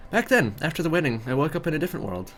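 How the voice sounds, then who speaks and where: A man's voice: a little high, very animated, racing, fairly bright tone, slight background noise, voice pushed up. A man doing Zhenya, a teary young camp girl. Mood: tearful. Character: young woman, shy bookish camp girl.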